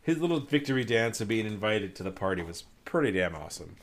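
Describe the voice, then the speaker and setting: A man's voice: on the low side, sing-song, quick pace. Laid-back male podcast host. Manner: laid-back, loose, laughs often. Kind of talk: casual chat.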